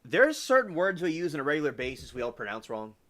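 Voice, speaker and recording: With a fairly high, sing-song voice and a fairly bright tone, a man talks quickly as he hosts a laid-back livestream. He rambles about current news, reads viewer comments out loud and responds to them.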